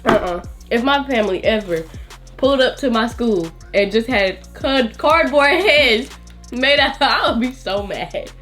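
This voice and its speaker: A woman's voice: on the high side, expressive, measured pace, fairly bright tone, faint music behind. A young woman in her late teens hosting a casual vlog, chatting while eating, full of "like" and slang. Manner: chatty, heavy use of "like", slangy. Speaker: vlogger host.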